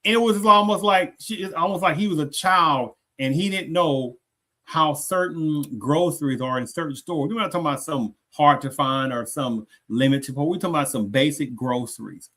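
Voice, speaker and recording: Bright-voiced man ranting in commentary. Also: a little high. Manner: repeats rhetorical questions, restarts sentences often. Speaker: commentary channel host. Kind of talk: rambling reaction commentary.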